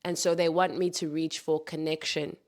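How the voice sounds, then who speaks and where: A woman's voice: deep voice, level tone, moderate pace. A woman hosting a reflective spoken monologue, earnest and heartfelt, calling her listeners darlings and loves. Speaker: podcast host.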